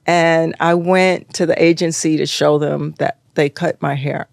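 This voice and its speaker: Animated woman with a gravelly edge. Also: sits low, a little slow, no echo, clean studio sound. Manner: animated, acts out other people's lines. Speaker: guest. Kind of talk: casual conversational storytelling.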